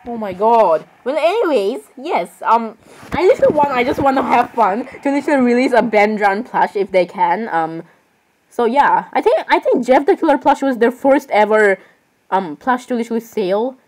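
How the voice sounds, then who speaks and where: A young woman with a fairly high voice gives casual gaming commentary. She rambles and sounds exasperated with the other players. She keeps apologizing as she talks. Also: lively intonation, moderate pace, darkish tone, low-quality recording. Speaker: gaming vlogger.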